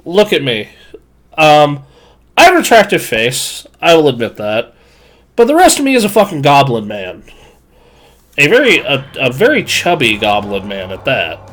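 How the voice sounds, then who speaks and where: A man's voice: mid-range voice, very animated, moderate pace, a bit bright. A man in his twenties telling a crude, self-mocking story on a live stream, full of fillers and rambling asides.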